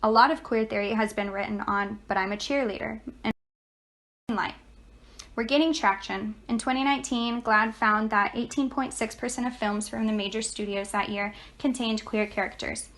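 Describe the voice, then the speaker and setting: A young woman student giving a read class presentation at a steady, note-reading pace. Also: fairly high pitch, moderate pace.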